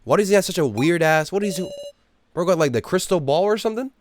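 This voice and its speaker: A man giving excitable let's-play commentary as a gamer streaming a playthrough, swearing freely. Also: high-pitched, fast, slight background noise.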